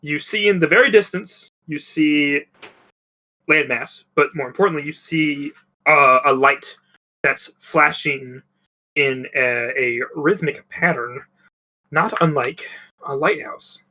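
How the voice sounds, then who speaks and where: A man's voice: fairly high pitch, slow, pushed and bright, rough recording. A man running a tabletop game as game master, narrating loosely with many ums and restarts. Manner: rambling with many fillers.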